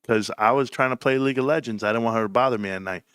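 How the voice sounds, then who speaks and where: A man hosting a casual livestream from home, talking in an animated, rambling way with casual swearing. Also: medium pitch, racing, clear, resonant tone, no room sound, clean studio sound. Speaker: livestream host.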